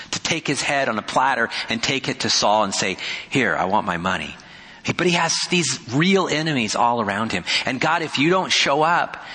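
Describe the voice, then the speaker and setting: A male pastor in his thirties delivers an earnest sermon, swinging from pleading cries to hushed asides. His voice sits somewhat low yet sounds bright and husky. The long reverb of a large hall trails behind his words. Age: 30s.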